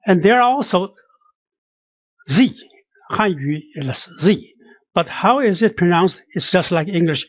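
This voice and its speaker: A teacher giving a pronunciation lesson, halting and full of fillers, repeating each sound and example word. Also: mid-range voice, animated, dry recording, dull audio. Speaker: language teacher.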